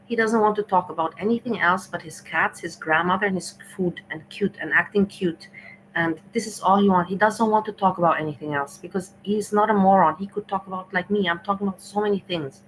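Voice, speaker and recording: A woman's voice: medium pitch, fairly quick, slight background noise, low-quality recording. A woman hosting a livestream, ranting indignantly and scolding someone over and over. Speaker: livestream host.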